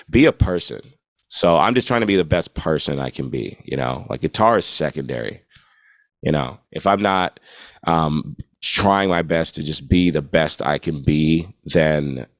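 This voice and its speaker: A man's voice: extremely low pitch, dry recording, clean studio sound. An American man who is a guest guitarist on a podcast, talking in a laid-back, casual way and swearing freely. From United States. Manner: laid-back, swears freely, keeps asking "you know what I'm saying".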